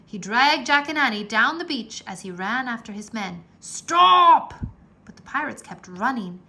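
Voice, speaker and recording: A woman reading a children's book aloud in a slow, animated storytelling manner, with a gravelly edge. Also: a little high. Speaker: read-aloud narrator.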